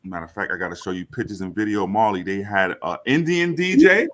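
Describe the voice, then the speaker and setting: A man from Brooklyn, hosting a casual group chat and telling an excitable story with plenty of swearing. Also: fairly low pitch, a little fast.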